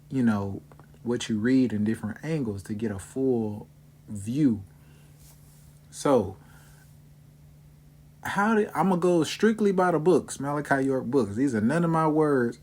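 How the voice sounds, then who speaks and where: A man hosting his own video, talking casually and steadily to viewers, repeating himself to make his points clear. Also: medium pitch. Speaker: video host. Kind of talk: casual explainer talk to viewers.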